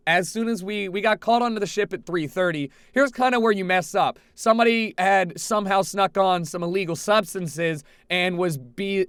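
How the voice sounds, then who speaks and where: A young man vlogging a rambling party story, animated, with frequent restarts and swearing. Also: high voice, smooth, dry recording. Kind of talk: casual storytelling. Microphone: headset.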